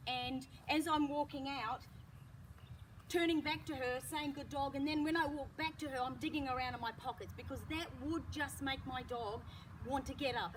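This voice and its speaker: A woman dog trainer talks through a training demonstration in a calm, explaining way, breaking into high praise for the dog. Her voice sits high and is picked up from some distance. Loud outdoor noise runs underneath.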